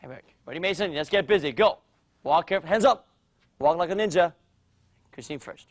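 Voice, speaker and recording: A man teaching a martial arts class for young children, explaining drills and loudly cheering the kids on. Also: sits high, fairly quick. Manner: energetic, coaching and cheering children on. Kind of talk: instructional demo with kids.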